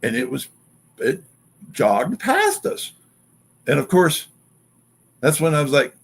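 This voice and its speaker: A man telling an excited story as a guest, acting out quotes and sounds in an animated way. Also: fairly high pitch, takes it slowly, gravelly, pauses often, breathy edge.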